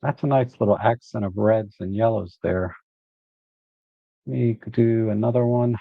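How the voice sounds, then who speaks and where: A man hosting a live photo editing walkthrough, relaxed and thinking aloud as he works. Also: on the low side, unhurried, vocal fry, dry recording, highs cut off.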